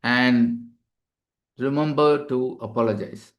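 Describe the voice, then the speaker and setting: Male doctor, webinar lecturer, mid-pitched, conversational teaching delivery with frequent fillers, computer mic. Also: steady tone, takes it slowly. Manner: explanatory, many "you know" fillers.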